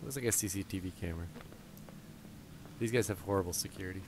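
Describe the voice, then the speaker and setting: A man's voice: sits low, fast talker, darkish tone. Chatty man thinking aloud over game noise. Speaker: let's play gamer. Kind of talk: casual gameplay commentary. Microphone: gaming headset.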